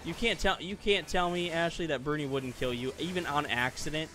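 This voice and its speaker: A young man hosting a let's play, chatting casually and joking, then bursting into loud shouts. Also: a little high, a little fast, over music. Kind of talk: casual gaming chat.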